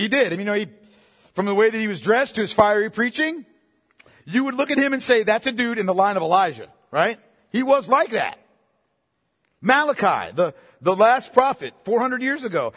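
A middle-aged man preaching a sermon in an animated, conversational way, asking listeners direct questions. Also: extremely high pitch, long reverb tail. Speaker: pastor.

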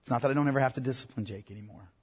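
Male pastor, husky, earnest sermon delivery, long church-hall reverb. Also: mid-range voice, very fast. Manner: earnest, emphatic preaching to parents.

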